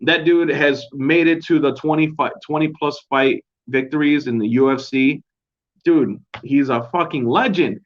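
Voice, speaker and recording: A man's voice: on the high side, moderate pace. A young man hosting a casual solo recap show at home, rambling and swearing in a laid-back way. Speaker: podcast host. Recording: dull lo-fi home recording.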